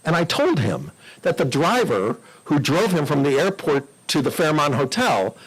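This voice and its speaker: A low-quality recording captures an older guest speaker at a club meeting, his voice husky and a little high, his pace normal. He tells lively, chatty anecdotes and performs the quoted voices of the people he describes.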